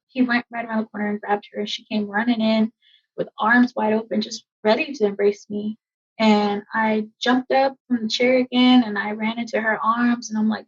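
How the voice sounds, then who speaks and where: A woman army veteran in her thirties, telling a personal story in a podcast interview, emotional and halting with many fillers. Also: fairly high pitch, breathy edge. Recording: dull lo-fi sound.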